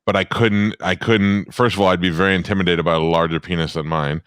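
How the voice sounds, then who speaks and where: Male host, very low voice, blunt, stammers, dry close mic. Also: fairly even intonation, quick pace, a bit bright, clear, resonant tone, no room sound. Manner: stammering restarts, blunt questions. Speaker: podcast host. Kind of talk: casual podcast chat.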